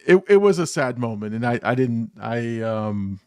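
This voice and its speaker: A man's voice: medium pitch, lively intonation, moderate pace, clean tone, dry recording, clean studio sound. A man co-hosting a reaction show, talking casually and rambling with many restarts and fillers. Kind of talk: casual chat.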